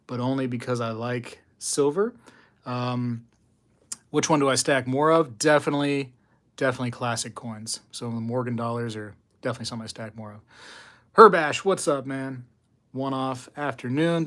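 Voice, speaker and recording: A man hosting a casual coin-collecting livestream, chatting with viewers, reading their messages and laughing often. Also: medium pitch. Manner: chatty, reads and answers chat, laughs often; animated storytelling. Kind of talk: casual live-stream chat with viewers.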